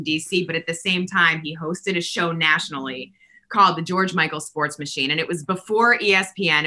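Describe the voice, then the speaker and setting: A woman in her forties telling lively stories in casual conversation, laughing often and acting out the people she quotes. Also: lowish voice. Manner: animated, laughing, acts out quoted voices. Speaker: podcast guest.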